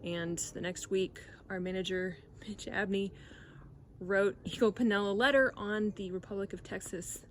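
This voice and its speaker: A woman, a former video store clerk, telling a story in a relaxed interview with occasional fillers. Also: medium pitch, moderate pace, slight background noise.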